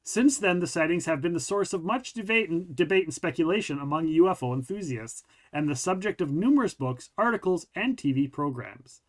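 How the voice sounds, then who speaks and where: Male podcast host, a bit high-pitched, casual reader who stumbles and restarts sentences. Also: lively intonation, a little fast, few pauses. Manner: stumbles and rereads while reading aloud. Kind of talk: casual chat and reading a news article aloud.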